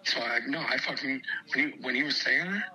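A man's voice: mid-range voice, brisk, pushed and bright, poor audio. A man on a call, telling a heated story in a rambling, profane, agitated way. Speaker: caller telling his story. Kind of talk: heated phone chat.

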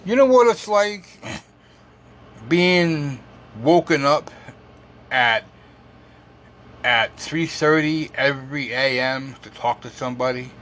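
Exasperated man venting, high lively voice. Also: slow pace, long pauses, slight background noise. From United States. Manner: exasperated, rambling, swears, repeats words. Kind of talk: casual storytelling rant.

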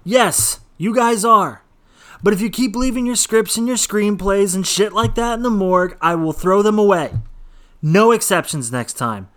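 A man's voice: high voice, normal speed, a bit bright. An actor playing a gaunt, stern old male mortician who scolds his workers in a dry, formal way. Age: older.

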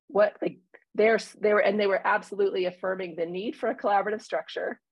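A woman in casual conversation as a church minister, talking reflectively with many pauses and fillers. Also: medium pitch, fairly even intonation, no room sound, rough recording. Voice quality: husky, gravelly.

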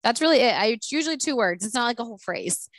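Chatty female co-host, slightly high voice, dry close sound. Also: lively intonation, quick pace, no echo. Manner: chatty, laughs often, trailing restarts. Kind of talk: casual chat.

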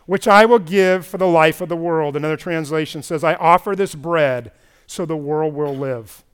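High-voiced, clear male preacher. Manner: dynamic preaching, swinging between loud emphatic and quiet low passages. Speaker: pastor. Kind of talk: sermon. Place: church service.

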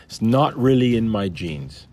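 A man's voice: fairly low pitch, sing-song, measured pace, a little mellow, slight background noise. Musing man thinking aloud over scripture. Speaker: Bible study teacher. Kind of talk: casual Bible commentary.

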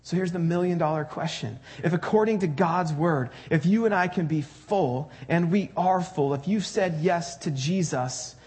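A man's voice: fairly high pitch, normal speed, few pauses, darkish tone, breathy edge. A man preaching a sermon to his church congregation, in a conversational, joking way that puts questions to the crowd. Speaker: pastor.

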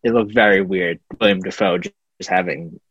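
A young podcast co-host chats casually about a movie, stumbling and restarting his words constantly. His voice is low-pitched, somewhat bright, and a little breathy, captured dry on a dull lo-fi mic.

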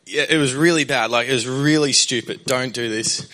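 Young male pastor, candid rambling testimony, bright edge, mid pitch. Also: normal speed. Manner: candid and rambling, with many fillers and restarts. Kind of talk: personal testimony in a sermon.

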